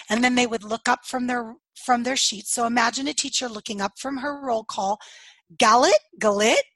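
Husky-voiced woman telling her story. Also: a little high, fairly bright tone, dry recording, rough recording. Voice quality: slightly hoarse, husky voice. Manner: storytelling, acts out quoted dialogue, laughs often. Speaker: podcast guest.

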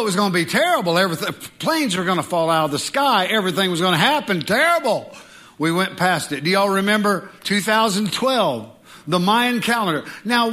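A middle-aged pastor preaching a sermon in an animated way, with joking asides and mock voices. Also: male voice, sits high.

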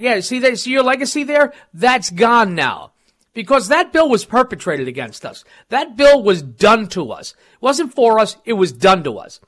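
High-pitched guy hosting call-in radio, rambles with lots of uhs. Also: a bit bright. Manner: rambling, many fillers and restarts. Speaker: talk radio host. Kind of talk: political call-in radio talk. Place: radio studio.

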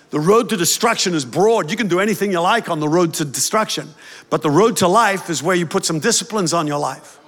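A man preaching a sermon with emphatic delivery, sometimes raising his voice. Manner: emphatic preaching, quick shifts to louder, higher lines. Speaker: pastor. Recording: long hall reverb.

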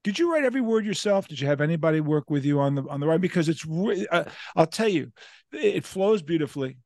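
A man's voice: on the high side, lively intonation, quick pace, darkish tone, dry recording, clean studio sound. A man hosting a casual interview, asking long, winding questions of a longtime friend. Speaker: podcast host.

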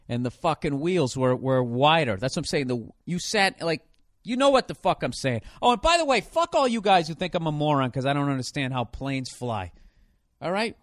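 A man's voice: fairly high pitch, no room sound, clean studio sound. A man hosting a solo podcast, rambling in a sarcastic, profanity-heavy rant. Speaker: podcast host.

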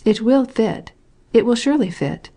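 A woman's voice: fairly high pitch, lively intonation, moderate pace, warm tone, pitched above the performer's own voice. A woman reading the lines of a stubborn male carpenter, in an obstinate, persuasive way. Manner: obstinate, wheedling.

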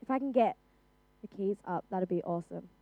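A woman's voice: medium pitch, brisk, dry recording, narrow, tinny audio. A young woman with an Australian accent preaching an earnest, conversational youth sermon. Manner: earnest, conversational, with frequent restarts and "like".

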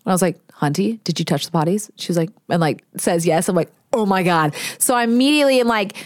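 A woman's voice: lowish voice, quick pace, no room sound, clean studio sound. A woman, hosting a podcast and telling stories in a casual, chatty way. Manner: chatty storyteller with Southern "y'all", swearing and laughs. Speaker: podcast host. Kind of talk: casual chat.

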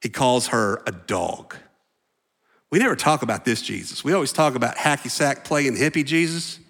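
A man preaching a sermon as pastor, animated, acting out voices and dropping at times to a near whisper. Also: medium pitch, moderate pace, gravelly, slightly rough. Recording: long reverb of a large hall.

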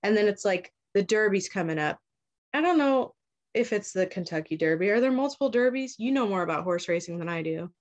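The audio is dull, but this young woman's mid-range voice comes through animated as she retells a story on a podcast. She chats casually and profanely, slipping into quick voices to act out what the characters said.

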